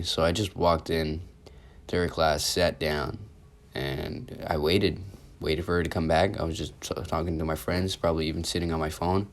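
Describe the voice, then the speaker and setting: A man's voice: very deep voice, little pitch movement, moderate pace. A sick man with a sore throat and sniffles, rambling casually through a story from school. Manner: rambling, casual with many fillers. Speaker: youtuber. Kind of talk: storytime vlog.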